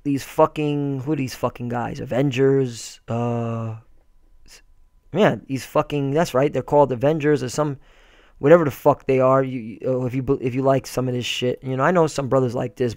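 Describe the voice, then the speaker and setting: A man's voice: mid-range voice, no echo, studio quality. A man preaching a fiery, profane sermon and reading scripture aloud. He stumbles and repeats himself often and keeps asking "all right?".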